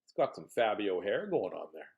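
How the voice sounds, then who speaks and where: A man's voice: fairly low pitch, very animated, normal speed, vocal fry, a little mellow, dull audio. A man reading a picture book aloud, playful with jokes and asides. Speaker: storybook reader.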